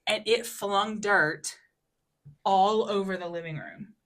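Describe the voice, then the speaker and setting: A woman's voice: fairly even intonation, takes it slowly. A woman in her thirties, a podcast co-host, telling a story in casual chat with many fillers and acted-out quotes. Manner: acts out quotes in a high, loud voice.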